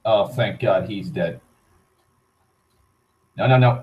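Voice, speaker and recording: Low-voiced man swearing through a game. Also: takes it slowly, muffled recording. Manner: swearing, muttering reactions to the game. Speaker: gaming channel host. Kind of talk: let's play commentary.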